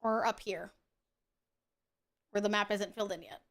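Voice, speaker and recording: A woman streaming a horror game and joking with friends on a call, swearing freely and laughing loudly. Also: medium pitch, steady tone, moderate pace. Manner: profane, joking, loud laughs. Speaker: VTuber streamer. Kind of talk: casual gaming stream chat.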